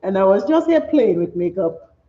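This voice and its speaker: A middle-aged woman, chatting and telling stories while doing her makeup, animated and laughing often. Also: mid-range voice, moderate pace. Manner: animated, laughs often, acts out quoted speech. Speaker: makeup vlogger. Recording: roomy, slightly dull home recording.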